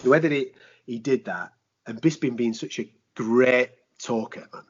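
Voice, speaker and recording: A man, a sports presenter, chatting on a podcast in a lively way, with rhetorical questions, slang and swearing. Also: medium pitch, moderate pace. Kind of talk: casual podcast chat. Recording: dull lo-fi podcast audio.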